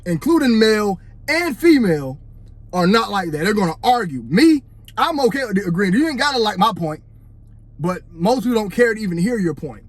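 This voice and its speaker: A man's voice: high-pitched, big pitch swings, normal speed, no echo. A man giving a casual, preachy opinion monologue into his phone, talking straight to "fellas" and often asking "you know what I'm saying". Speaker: vlogger.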